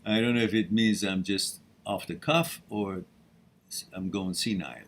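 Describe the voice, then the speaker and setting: Hosting a live-stream Q&A, a man answers viewer questions frankly and bluntly, swearing casually and laughing often between responses. His voice sits on the low side and moves at a normal speed.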